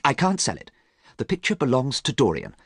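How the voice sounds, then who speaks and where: A man's voice: medium pitch, huge pitch swings, fairly quick, creaky, fairly bright tone, husky, no echo, clean studio sound, pitched above the performer's own voice, exaggerated voice. A man reading as an earnest protective painter. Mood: firm.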